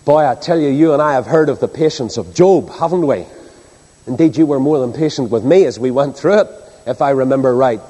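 A man's voice: medium pitch, a little fast, mellow. A man preaching a sermon, asking the congregation rhetorical questions. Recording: long hall reverb.

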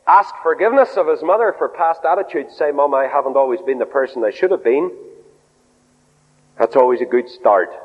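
A man preaching a sermon in an animated way. He swings his pitch up and down, acts out quoted voices and drops in humorous asides. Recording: dull lo-fi recording in a reverberant hall.

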